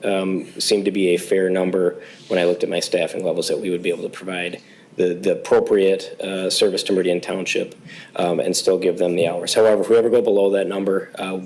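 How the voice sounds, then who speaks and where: A police chief who is losing his voice, reporting to a township board in a halting way with many fillers. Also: low-pitched, a little mellow, rough recording. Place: township board meeting room.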